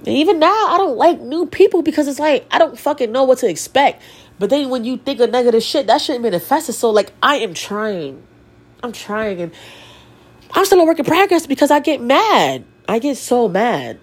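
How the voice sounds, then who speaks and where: A woman's voice: on the high side, big pitch swings, normal speed. A young woman hosting a podcast alone, talking bluntly and profanely about her feelings, her nose stuffy. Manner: blunt, profane, emotional and confessional. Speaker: podcast host. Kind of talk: candid solo podcast monologue.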